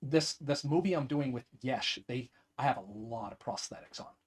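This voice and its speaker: A man talking as a guest actor in a casual interview, animated and jokey, often acting out little quotes. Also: mid-range voice, normal speed.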